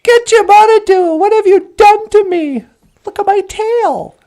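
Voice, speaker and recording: A woman's voice: extremely high pitch, lively intonation, slow, darkish tone, voice pushed up, heavily acted. A woman voicing a proud, vain young male beaver in a storytold folk tale, boastful and whiny.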